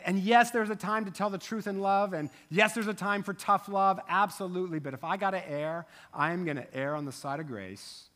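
A man delivers a sermon in a church sanctuary, his voice pitched high for a man and ringing bright. He talks conversationally, tossing quick asides to the congregation. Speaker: pastor.

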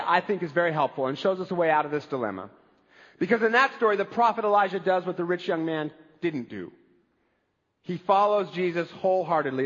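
A pastor preaching a sermon in a conversational, animated way, with asides to the congregation. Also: male voice, high-pitched, husky, in a large hall, highs cut off.

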